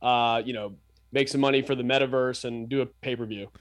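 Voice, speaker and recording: A man's voice: mid-range voice, steady tone, fairly quick. A man co-hosting a casual sports podcast, teasing his partner in playful banter. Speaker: podcast co-host.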